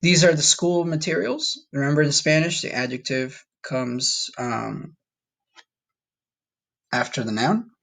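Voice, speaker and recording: A man's voice: fairly high pitch, a little slow, creaky, fairly bright tone. A man from Colombia teaching a Spanish vocabulary lesson in a casual, patient way, repeating words for students to practice. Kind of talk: recorded classroom lesson.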